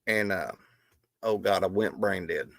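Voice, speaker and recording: Guy rambling on his live stream, lowish voice, real dry close sound, lots of stop and start. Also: a little slow, creaky, a bit bright, dry recording. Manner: rambling, restarts often, folksy. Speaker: livestream host. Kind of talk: casual live stream talk.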